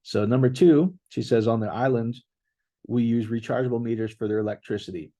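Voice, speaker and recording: A man's voice: mid-range voice, a little fast, dark tone. A middle-aged male pastor giving a conversational sermon, reading out testimonies and talking straight to his listeners. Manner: conversational, reads out testimonies, addresses listeners as guys.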